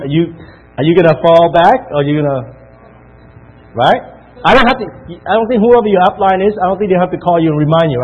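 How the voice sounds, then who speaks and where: Husky, fairly high male speaker firing questions at a sales crowd, tinny phone-like audio. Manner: peppers the room with questions; counts out loud. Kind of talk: motivational talk to an audience.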